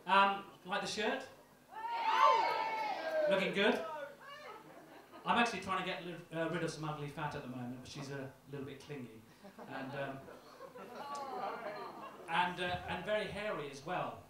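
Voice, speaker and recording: A man's voice: fairly high pitch, normal speed, pauses often. A young man doing a self-deprecating, hesitant stand-up routine in a small comedy club, full of ums. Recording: echoey club, distant mic, crowd.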